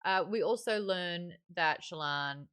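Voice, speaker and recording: Brief: chatty female book club host, low-ish voice, bright tone. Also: a little slow, smooth. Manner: chatty, animated, laughs often. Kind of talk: casual book discussion.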